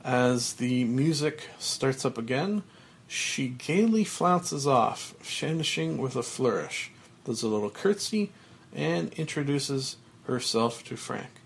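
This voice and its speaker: A man reading a screenplay aloud, voicing stage directions in an unhurried way. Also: mid-range voice, animated, creaky, slightly rough. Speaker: script reader.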